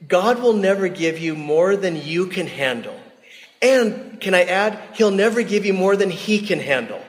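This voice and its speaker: Man, slightly high voice, chatty storytelling sermon, frequent laughs, long hall reverb. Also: unhurried. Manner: lively, chatty, laughs often, calls listeners "you guys". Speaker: devotional speaker. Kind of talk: storytelling sermon to a live audience.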